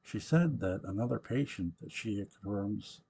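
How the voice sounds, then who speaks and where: A man voicing a grown son gently reassuring his distressed mother. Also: on the low side, a little slow, vocal fry, slightly rough, exaggerated voice. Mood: soothing. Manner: calm, reassuring. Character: adult son, soothing and patient.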